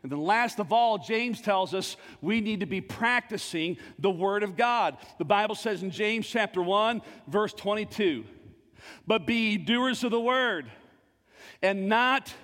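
High-voiced fervent man preaching. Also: animated, slow. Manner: fervent preaching with call-and-response, surging to shouts. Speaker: pastor. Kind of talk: sermon. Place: church sanctuary. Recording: long reverb of a church sanctuary.

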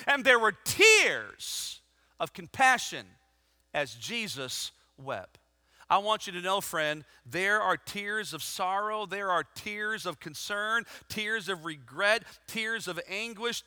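Impassioned preacher man in a reverberant hall. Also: high voice. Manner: swings from hushed to loud and impassioned; repeats phrases rhythmically. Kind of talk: sermon.

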